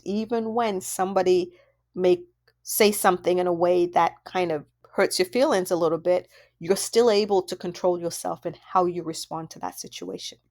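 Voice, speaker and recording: Woman, parenting coach, lowish voice, conversational teaching with rhetorical questions. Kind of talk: instructional audio workbook talk.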